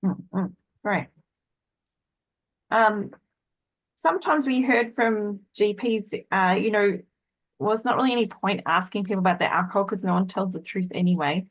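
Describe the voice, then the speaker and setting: A woman's voice: medium pitch, normal speed, pauses often, low-quality recording. A woman moderating a webinar panel on a video call, steering it with questions.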